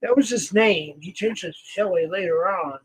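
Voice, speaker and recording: A man hosting a livestream, ranting and swearing with loud outbursts that drop to near mutters. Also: high-pitched, moderate pace, breathy edge, rough recording. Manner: swearing, shouting in bursts, then dropping quiet. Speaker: livestream host. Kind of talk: angry livestream rant.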